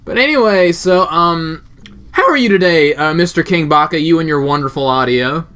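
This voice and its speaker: A young man hosting a casual podcast, trading crude jokes with his guest. His voice sits a little high and bright, and his pitch moves a lot as he talks. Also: animated, moderate pace. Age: young adult. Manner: joking, crude banter. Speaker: podcast host.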